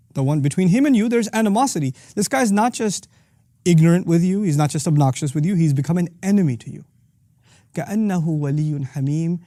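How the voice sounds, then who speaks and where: A middle-aged man teaching a lesson on Quranic verses as host of his series, talking rapidly and breaking into quick Arabic recitation. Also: fairly high pitch, dark tone, no echo, clean studio sound.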